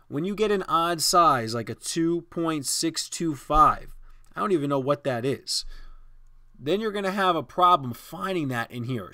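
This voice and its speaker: A man hosting a software design tutorial, explaining each step casually over a screen recording. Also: fairly high pitch, dry recording, clean studio sound. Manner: casual, step-by-step instruction with fillers.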